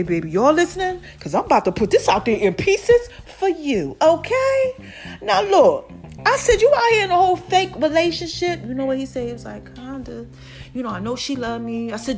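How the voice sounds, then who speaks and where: High-voiced chatty woman podcast host. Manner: chatty, animated, addresses listeners as babies. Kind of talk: casual storytelling monologue.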